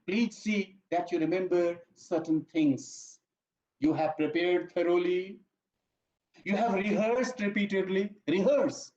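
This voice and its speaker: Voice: mid-range voice, expressive, a little slow, darkish tone. Lecturer, emphatic and repetitive, roomy echo, dull muffled audio. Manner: emphatic, repeats key phrases, often says "my dear friends". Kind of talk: online training lecture. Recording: echoey room, dull lo-fi audio.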